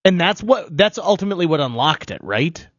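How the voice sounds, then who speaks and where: A man, co-hosting a talk show with teasing, playful banter. His intonation swings a lot around a mid pitch. The dry close mic sounds slightly dull. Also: big pitch swings, fairly quick, fairly bright tone, no echo. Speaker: radio show co-host. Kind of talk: casual chat.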